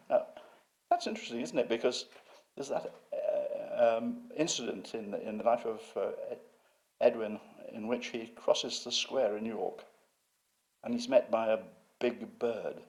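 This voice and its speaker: Gravelly older man telling lecture anecdotes. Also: lowish voice, darkish tone. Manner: hesitant, full of fillers and restarts, wry storytelling. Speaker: guest lecturer.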